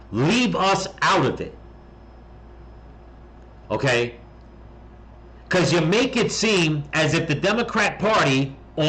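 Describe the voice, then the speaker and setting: A man's voice: fairly high pitch, fairly bright tone, rough recording. Blunt, profane male political commentator. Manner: blunt, heated and profane, with frequent restarts and "okay?". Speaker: political commentary channel host.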